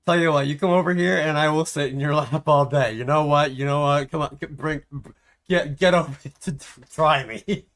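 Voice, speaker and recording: A man's voice: on the high side, normal speed, fairly bright tone. A man streaming a game live, chatting casually in a rambling, self-mocking way and laughing often.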